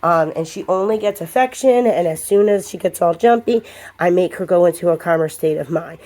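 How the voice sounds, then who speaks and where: A woman's voice: on the low side, fairly quick, warm tone. A woman dog trainer explaining a lesson to viewers while she works a puppy, giving firm short commands in between. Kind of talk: hands-on training demonstration.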